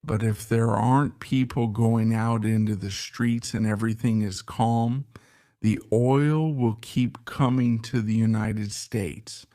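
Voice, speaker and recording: A man's voice: lowish voice, steady tone, slow, dark tone, no echo, studio quality. A man giving opinionated current-affairs commentary, repeating his points with emphasis and pressing rhetorical questions. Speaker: political commentator.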